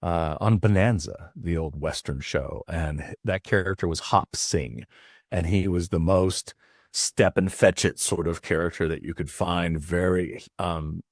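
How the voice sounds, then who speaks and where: A man's voice: deep voice, a little slow, no echo, clean studio sound. A man in his fifties from the United States, an actor guest telling stories in a casual interview and acting out voices as he goes. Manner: animated, acts out voices while telling stories.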